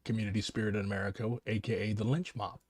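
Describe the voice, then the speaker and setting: A man's voice: fairly low pitch, level tone, racing, darkish tone, husky, dry recording. Sarcastic man cutting in, dry sound. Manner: sarcastic, blunt interjections with swearing. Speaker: reaction commentator. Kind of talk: casual reaction commentary.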